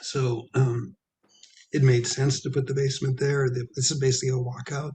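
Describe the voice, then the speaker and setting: A man of middle pitch walks a town meeting through a project in a halting way, full of ums. He keeps clearing his throat as his voice is going. A faint hiss sits behind the recording. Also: little pitch movement, a little mellow. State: losing his voice. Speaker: architect presenting to a planning commission. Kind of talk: public meeting presentation. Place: town hall meeting room.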